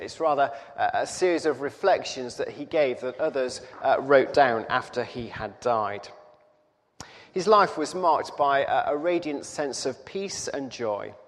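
A man delivers a sermon at an unhurried pace, slow and reflective, with frequent pauses and fillers. His mid-pitched voice rings out through a large hall with a long reverb tail. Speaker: preacher.

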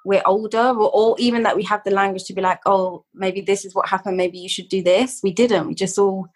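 A woman's voice: mid-range voice, steady tone, fairly quick, husky. A woman, a poet guest reading her work in a blunt, slangy voice and then chatting casually. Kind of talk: poetry reading and casual chat.

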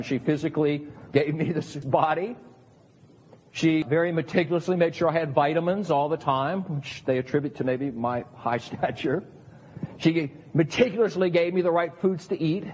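A man's voice: on the high side, normal speed, a little mellow, a little hiss or hum. A middle-aged man, a pastor, preaching an earnest sermon and acting out the voices of the people he quotes. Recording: long hall reverb.

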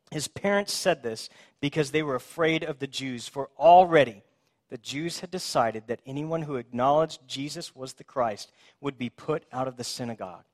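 A man preaching a sermon in a conversational way, acting out the figures in the story with sarcastic emphasis. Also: mid-range voice. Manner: animated, acts out the voices in the story with sarcastic emphasis; conversational, self-described as a bit of a smart aleck. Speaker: pastor.

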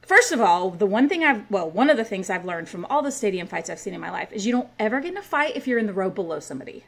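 A woman in her forties telling a story in casual podcast chat, rowdy and animated, with plenty of asides. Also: medium pitch, fast, gravelly, husky. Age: 40s. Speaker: podcast co-host.

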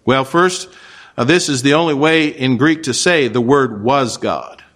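A man preaching an expository sermon, measured and emphatic, with occasional dry asides. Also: mid-range voice, a bit bright. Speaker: pastor.

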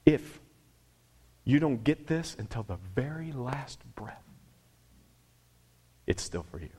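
A man's voice: mid-range voice, lively intonation, slow, warm tone, breathy edge. A man preaching a sermon in a conversational, emphatic way, repeating phrases for effect. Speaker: pastor.

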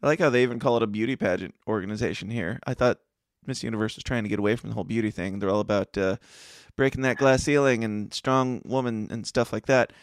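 A man's voice: fairly low pitch, fast talker, few pauses, dry recording, studio quality. A man co-hosting a casual news podcast, rambling and hesitant, laughing often. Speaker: podcast co-host. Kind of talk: casual news commentary chat.

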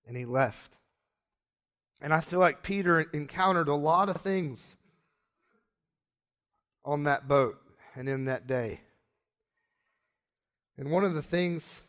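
A man's voice: mid-range voice, unhurried, pauses often. A man preaching a sermon, retelling a story and acting out the characters' lines in different voices.

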